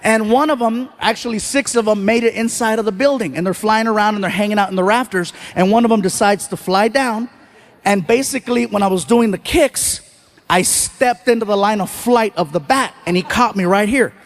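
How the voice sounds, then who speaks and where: A man doing stand-up comedy on stage, telling an animated story into a handheld mic and slipping into other voices. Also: sits high, brisk. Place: large indoor venue on stage.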